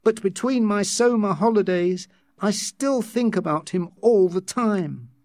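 A man voicing a headstrong, impatient young woman in love, with drawn-out, pleading delivery, in a read-aloud story. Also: medium pitch, a little mellow, no echo, voice pushed up, lightly acted. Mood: yearning.

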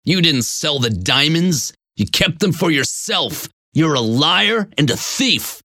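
A narrator voicing an angry man who shouts accusations in an audiobook. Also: mid-range voice, big pitch swings, slow pace, no echo, studio quality, heavily acted. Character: angry man cheated by his brother. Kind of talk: audiobook reading.

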